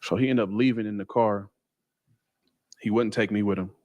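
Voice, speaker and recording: A man telling a personal story in a casual, halting way with many fillers and restarts. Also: on the low side, steady tone, darkish tone, no room sound. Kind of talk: casual first-person account.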